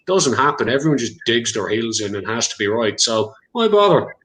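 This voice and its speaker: A man's voice: medium pitch, sing-song, fairly quick, a bit bright, poor audio. A man with a rural Leinster Irish accent hosting a livestream chat over a video call, rambling with lots of fillers. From Ireland. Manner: rambling, many fillers, laughs easily. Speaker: livestream host. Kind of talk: casual chat.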